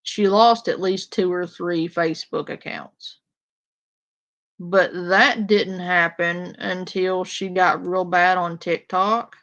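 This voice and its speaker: A woman holds forth to her live chat in a slow, deliberate way, blunt and openly confrontational. Her audio is dull and lo-fi, as if from a cheap mic. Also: lowish voice, fairly even intonation, a bit bright. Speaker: commentary streamer. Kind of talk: casual live-stream commentary.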